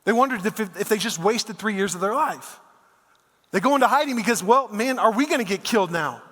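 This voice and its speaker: High-voiced male pastor in echoing hall. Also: animated, fairly quick, a bit bright. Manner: conversational storytelling, casual asides like "man" and "dude". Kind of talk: sermon. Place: church auditorium.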